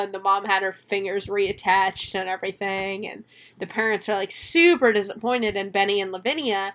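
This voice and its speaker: A woman's voice: mid-range voice, moderate pace, a bit bright. A young woman co-hosting a casual movie review chat, swearing freely, laughing often and acting out the characters. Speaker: podcast co-host.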